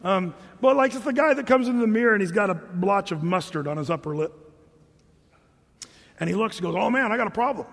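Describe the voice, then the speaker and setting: A man preaching a casual, joking sermon, reading scripture slowly between everyday asides. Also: sits high, creaky, a bit bright, in a large hall. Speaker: pastor.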